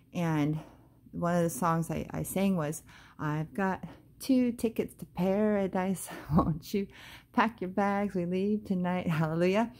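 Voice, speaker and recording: A woman's voice: sits low, dark tone. A woman telling a devotional story to camera in a casual, hesitant way, with many fillers and bursts of praise. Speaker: Christian vlogger.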